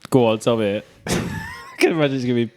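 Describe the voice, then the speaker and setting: A man's voice: medium pitch, wildly swooping pitch, quick pace. A man co-hosting a casual podcast, playful and teasing, laughing often. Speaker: podcast co-host. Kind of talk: casual chat.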